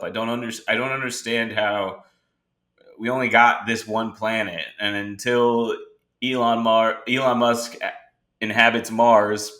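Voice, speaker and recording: A man with a low-set, bright and forceful voice hosts a podcast in easy conversation. He tells his stories with energy and slips into the voices of the people he quotes. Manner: animated storyteller who acts out quoted dialogue. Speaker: podcast host. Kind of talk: casual conversation.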